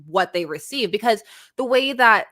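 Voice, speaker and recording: A woman's voice: a little high, lively intonation, moderate pace, a bit bright. A woman guest in a streamed comics chat, explaining her ideas eagerly over a call mic. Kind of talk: casual chat.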